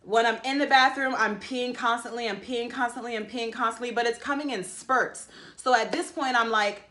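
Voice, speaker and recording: A woman's voice: fairly high pitch, steady tone, moderate pace, sharp tone. A woman telling a personal story to camera, rambling and emotional, with many fillers and restarts. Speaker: vlogger.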